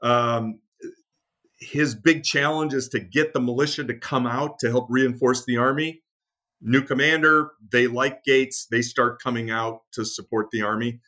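Man explaining history in relaxed talk. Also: mid-range voice, a little slow. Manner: many fillers and restarts, storytelling with acted quotes. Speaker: author and military historian guest. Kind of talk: conversational interview.

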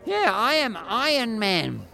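Man, australian accent, forties, high voice, animated and rambling, outdoors with faint crowd. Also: measured pace, vocal fry. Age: 40s. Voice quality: high-pitched for a man, mistaken for a woman on the phone. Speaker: street performer jester. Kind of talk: casual storytelling interview.

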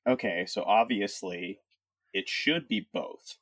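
Husky-voiced male podcast guest. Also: on the low side, expressive, slow, a bit bright, no room sound. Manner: reads summaries with playful dramatic flair. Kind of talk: casual game chat.

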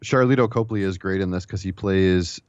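A man's voice: deep voice, moderate pace, no echo, highs cut off. A man casually reviewing movies on a podcast, rambling and enthusiastic, with some swearing. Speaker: podcast co-host.

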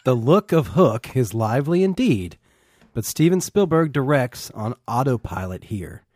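A man's voice: medium pitch, big pitch swings, unhurried, a little mellow, no echo, clean studio sound. A man co-hosting a film podcast, chatting casually and reading out review scores. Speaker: podcast co-host.

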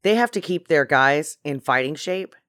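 A man's voice: fairly high pitch, expressive, normal speed, sharp tone, no echo, studio quality. A man co-hosting a casual podcast, laying out absurd theories with a straight face. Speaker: podcast co-host. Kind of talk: casual comedic chat.

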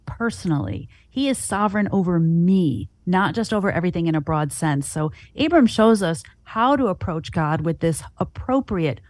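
A woman's voice: lowish voice, a little mellow, dry recording. A woman explaining Bible passages in an earnest teaching manner, asking and answering her own questions. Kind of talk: Christian teaching podcast.

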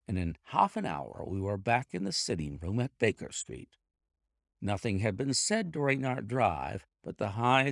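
Expressive male audiobook narrator, low gravelly voice. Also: no room sound, clean studio sound. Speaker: audiobook reader. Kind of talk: scripted narration.

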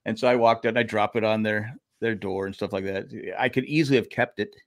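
A man's voice: fairly low pitch, fairly even intonation, fast talker. An older man, a podcast co-host, telling rambling stories in casual chat, swearing and putting on voices for the people in them. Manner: rambling storyteller who swears and acts out neighbors' voices.

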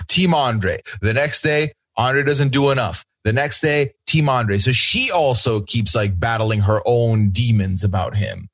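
A man co-hosting a podcast, chatting casually and giving opinionated takes with quick asides. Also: medium pitch. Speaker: podcast co-host. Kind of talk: casual chat recapping a reality show.

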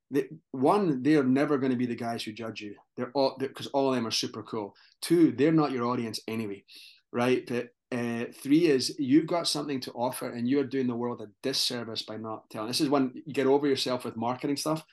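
Scottish man, medium pitch, animated, motivational, restarts often. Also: brisk. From Scotland. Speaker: fitness coach and guest. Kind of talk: casual podcast conversation.

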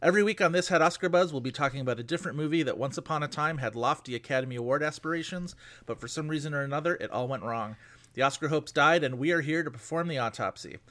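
A man's voice: a little high, sharp tone. A man hosting a movie podcast, bantering and joking in casual chat. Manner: jokey, quick banter. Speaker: podcast host.

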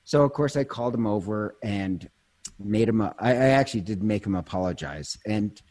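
A husky-voiced man with a fairly low pitch, a priest chatting in a relaxed way. He tells his stories in fits and starts, cutting himself off and laughing easily. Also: normal speed. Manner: storytelling, self-interrupting, laughs easily. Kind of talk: casual conversation.

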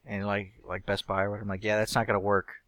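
Easygoing low man, dry sound. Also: level tone, very fast, fairly bright tone, no room sound, lo-fi sound. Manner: easygoing, teasing, laughs often. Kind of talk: casual chat.

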